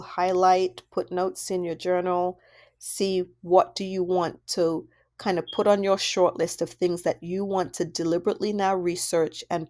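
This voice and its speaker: A woman's voice: lowish voice, a little mellow. Woman coaching parents with rhetorical questions. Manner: conversational, asks many rhetorical questions. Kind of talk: instructional audio workbook talk.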